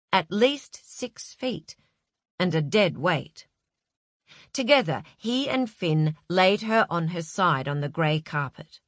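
A woman narrating a novel in a measured, even reading. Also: fairly low pitch, no room sound, clean studio sound. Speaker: audiobook narrator. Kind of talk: scripted narration.

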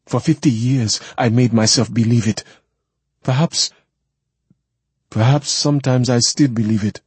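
A man's voice: mid-range voice, steady tone, unhurried, darkish tone, husky, no echo, pitched above the performer's own voice. A man voicing a grieving, proud woman who has lived for centuries, speaking bitterly in a story reading. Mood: pleading. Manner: bitter, pleading.

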